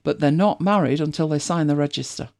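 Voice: medium pitch, fairly quick, gravelly, a little mellow. A host with a British accent, chatting casually and rambling with many restarts. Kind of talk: casual chat.

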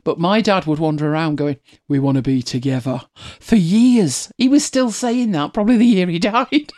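A woman's voice: mid-range voice, lively intonation, moderate pace, darkish tone. A middle-aged woman from Manchester with a mild Manchester accent, chatting casually as a host, rambling and laughing often. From England, Manchester. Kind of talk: casual chat, reading listener comments.

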